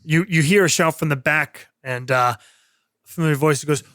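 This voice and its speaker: Higher-voiced man running a tabletop game. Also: normal speed. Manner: relaxed, hesitant with fillers. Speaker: game master.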